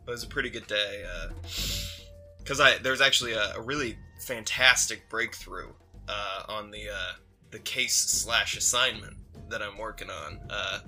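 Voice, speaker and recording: An awkward office worker, played by a man rambles through his day in improvised tabletop role-play, filling it with fillers. He is pleased with himself. The voice sits low but sounds very bright. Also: gravelly, exaggerated voice. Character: awkward male office worker, self-satisfied.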